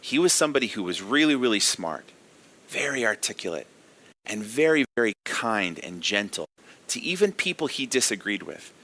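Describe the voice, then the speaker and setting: Earnest, bright-voiced male pastor. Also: on the low side, sing-song, moderate pace. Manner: earnest, emphatic, asks the listener direct questions. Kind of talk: daily devotional sermon.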